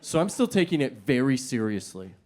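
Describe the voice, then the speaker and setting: A man's voice: mid-range voice, very animated, a little fast, darkish tone. A male stand-up comedian telling a self-mocking story on a comedy stage, talking into a stage microphone.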